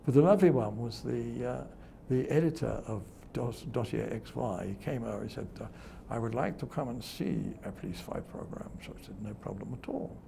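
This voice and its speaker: A man's voice: medium pitch, brisk, gravelly, hardly any pauses, noisy background. An older man, a television presenter, reminiscing in an interview and telling anecdotes with chuckles, acting out the voices of people he quotes. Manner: chuckling storyteller who acts out quoted voices.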